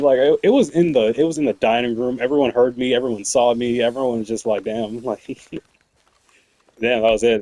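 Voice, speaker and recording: A man's voice: mid-range voice, a little mellow, dry recording. Rambling, profane young man. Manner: rambling, profane, laughs often, many fillers. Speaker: streamer. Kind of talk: casual storytelling while gaming.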